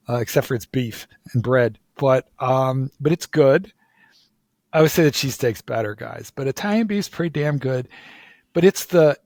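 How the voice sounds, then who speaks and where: A man from Philadelphia chatting casually in an interview, telling a lively story full of repeated "like"s and restarts. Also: medium pitch, dry recording. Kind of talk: casual conversation.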